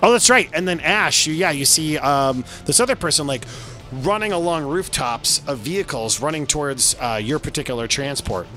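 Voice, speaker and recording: A man's voice: fairly high pitch, lively intonation, normal speed, sharp tone, faint music behind. A man running a tabletop game as game master, loose and chatty with lots of fillers. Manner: loose and chatty, many fillers, laughs often.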